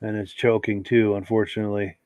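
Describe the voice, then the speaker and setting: A man's voice: on the low side, level tone, fairly quick, darkish tone, dry recording, dull audio. A man hosting a live podcast, reading out viewer comments in an easygoing way with frequent filler words. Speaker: podcast host.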